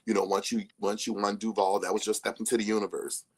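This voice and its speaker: Guest: young man, low-pitched, chatty storyteller who laughs easily. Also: quick pace. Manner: animated storyteller who laughs often and acts out quoted people. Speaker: interview guest. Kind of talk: casual live-stream chat.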